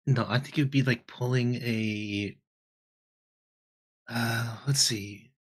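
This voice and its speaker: A man's voice: medium pitch, fairly even intonation, slow pace. A man playing a tabletop game in character, thinking aloud with hesitant restarts.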